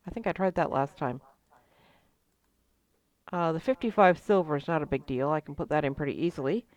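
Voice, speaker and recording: A woman narrating a tabletop game as game master, in a lively, joking manner with frequent fillers. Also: low-pitched, fairly quick, dry recording.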